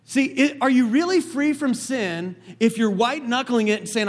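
A man preaching a sermon as pastor, telling a story with lively asides. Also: extremely high pitch, normal speed.

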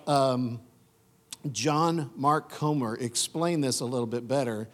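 A man preaching a sermon as pastor, emphatic and repeating his key phrases. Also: mid-range voice.

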